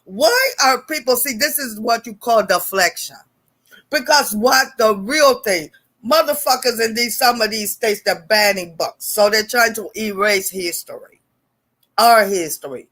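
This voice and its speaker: An older woman hosts a casual live stream, talking bluntly with viewers, greeting them by name, laughing often and swearing freely. Her voice is on the high side, unhurried and fairly bright.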